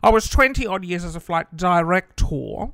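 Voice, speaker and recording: Brief: man impersonating an older ex-flight director, loud and long-winded, dry close sound. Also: sits high, expressive, moderate pace, no room sound. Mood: earnest, rambling. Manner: loud, formal and rambling.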